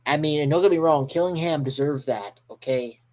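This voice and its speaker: A man giving live reaction commentary as a manga reaction streamer, excitable and rambling, with mild swearing. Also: on the high side, brisk.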